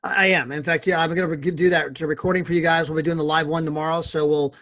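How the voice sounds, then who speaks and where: A man's voice: a little high, little pitch movement, fairly bright tone, no room sound. An American man presenting on a video call, talking in an upbeat, joking way and often repeating himself. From United States. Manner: fast, upbeat, joking, repetitive. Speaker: guest presenter on a team call. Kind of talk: casual online meeting talk.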